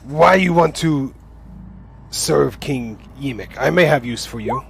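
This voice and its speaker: A man's voice: mid-range voice, expressive, a little slow, creaky, slight background noise. A man doing a greedy goblin chieftain in broken English. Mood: scheming. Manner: broken English, blunt and bargaining.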